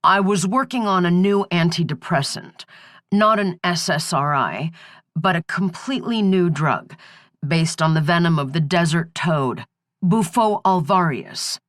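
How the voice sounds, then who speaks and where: A woman's voice: fairly low pitch, a little slow, no room sound, studio quality, lightly acted. A woman reading the part of a ruthless male scientist who threatens and coldly explains himself, in a menacing, matter-of-fact way. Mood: coldly explaining.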